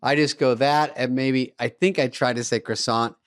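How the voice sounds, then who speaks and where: A man's voice: mid-range voice, steady tone, moderate pace, clear, resonant tone, no room sound, studio quality. A middle-aged man co-hosting a podcast, telling comic stories in casual chat, acting out both sides of phone calls with swearing and laughter. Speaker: co-host. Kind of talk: casual comedic storytelling.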